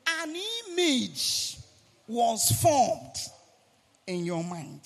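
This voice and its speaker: A man with a Nigerian accent preaching a sermon, animated and sing-song, rising now and then to a shout. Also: high-pitched, slow pace, creaky, husky. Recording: long hall reverb.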